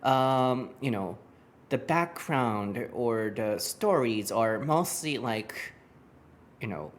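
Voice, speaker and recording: A man hosting a casual conversation lesson, thinking aloud with frequent pauses and fillers as he searches for words. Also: mid-range voice, animated. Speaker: host of an English conversation lesson. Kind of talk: casual unscripted conversation in English and Japanese.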